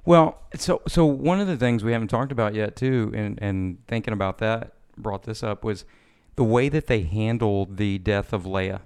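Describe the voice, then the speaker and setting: A man with a lowish, smooth and resonant voice. He chats in a relaxed, agreeable way, chiming in with his own thoughts on a film. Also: normal speed. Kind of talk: casual film discussion.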